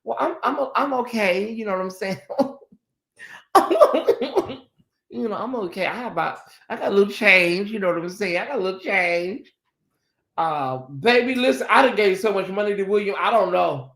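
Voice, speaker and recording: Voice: mid-range voice, lively intonation, normal speed, fairly bright tone, roomy sound. A livestream host doing sassy, dramatic chat commentary and talking straight to the viewers.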